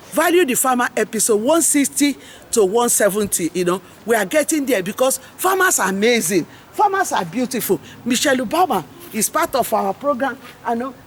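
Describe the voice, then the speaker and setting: A middle-aged woman with a Nigerian English accent hosts an impassioned, rambling monologue packed with preachy, repeated slogans, speaking as a farmers' advocate. Her voice sits on the high side, with slight background noise.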